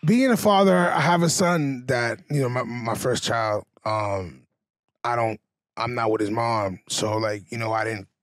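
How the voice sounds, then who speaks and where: A man's voice: mid-range voice, a little slow, no echo. A man and father co-hosting a casual podcast, talking in a loose and rambling way. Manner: loose and rambling, full of restarts and fillers. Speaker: podcast co-host. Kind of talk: casual chat.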